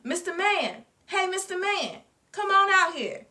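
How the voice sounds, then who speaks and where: A woman voicing a worried young girl in a storybook read-aloud, with high, pleading calls. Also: big pitch swings, takes it slowly, a bit bright, full character voice. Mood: calling out. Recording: distant mic.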